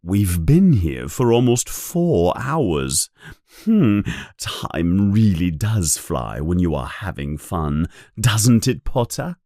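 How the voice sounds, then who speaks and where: A man's voice: low-pitched, big pitch swings, takes it slowly, mellow, no echo, studio quality, exaggerated voice. A man voicing a vain, cheerful wizard teacher with a pompous, self-pleased manner in a storybook reading.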